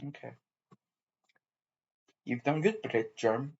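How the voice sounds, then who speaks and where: A woman playing a bossy, silly German yeast farmer with a husky voice. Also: extremely low pitch, very animated, slow pace, darkish tone, dull audio, pitched below the performer's own voice, exaggerated voice. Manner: bossy, giggly.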